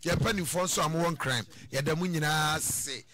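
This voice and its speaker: Bright-voiced radio host. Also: male voice, a little high, normal speed. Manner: effusive, lots of thanks and shout-outs. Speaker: radio presenter. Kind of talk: radio talk show hosting.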